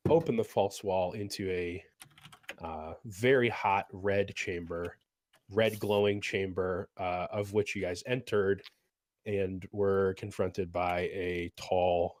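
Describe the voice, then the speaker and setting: Hoarse low-voiced man running a game. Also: darkish tone, no room sound, clean studio sound. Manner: easygoing, many filler ums. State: hoarse from a cold. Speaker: game master. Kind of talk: recapping a tabletop game session.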